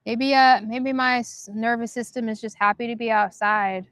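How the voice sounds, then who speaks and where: Soft-spoken woman musing outdoors. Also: fairly high pitch, fairly even intonation, no echo, clean studio sound. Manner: meandering, soft and reflective, guides slow breathing. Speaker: livestream host. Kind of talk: casual spiritual livestream chat. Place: outdoors near a park.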